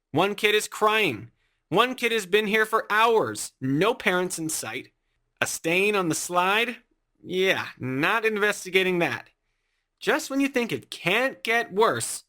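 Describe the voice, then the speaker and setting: A sarcastic storyteller narrates a scripted comic story with exaggerated emphasis. The voice is bright and sharp, and its pitch swings up and down in a lively way. Each punchline gets a dry twist.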